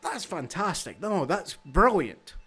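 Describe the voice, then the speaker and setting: A man playing a tabletop role-playing game, questioning another character in an animated, joking way. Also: high-pitched, measured pace, breathy edge.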